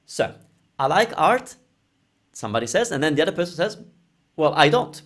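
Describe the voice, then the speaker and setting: A man teaching a language lesson, explaining over slides, repeating phrases slowly and checking in with "okay?". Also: on the high side, sing-song, a bit bright.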